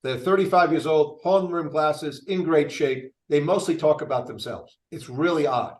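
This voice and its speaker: A man's voice: on the high side, moderate pace. An older man running for office, talking casually in an interview with a rambling, restart-filled manner. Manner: animated, rambling, frequent restarts. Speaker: presidential candidate. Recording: echoey room.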